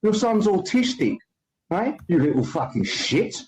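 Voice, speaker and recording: Man taunting with a lively, mellow voice. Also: high-pitched, unhurried, poor audio. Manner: taunting, abusive, swearing heavily. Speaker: livestream host. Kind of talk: profane ranting at a viewer.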